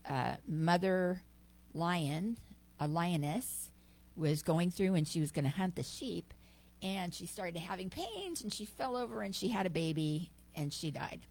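Expressive woman preaching a sermon. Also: fairly low pitch, measured pace. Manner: expressive storytelling, warm and emphatic.

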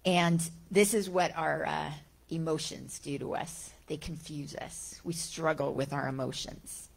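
A middle-aged woman teaching on spiritual ideas in an unhurried, gentle way, her fairly low voice roughened with vocal fry. She speaks conversationally and keeps asking her listeners questions. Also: steady tone. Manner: gentle, conversational, with frequent restarts and rhetorical questions. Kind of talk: talk on Vedanta teaching.

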